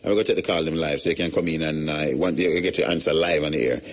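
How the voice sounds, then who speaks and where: A man's voice: extremely low pitch, fairly even intonation, rapid-fire. A middle-aged Jamaican man hosting a radio show, chatting in a loose storytelling way with plenty of patois. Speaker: radio host. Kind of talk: casual radio talk.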